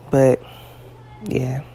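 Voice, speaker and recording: A woman co-hosting a casual podcast who speaks haltingly and leans heavily on filler words. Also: sits low, gravelly, a little mellow. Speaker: podcast co-host.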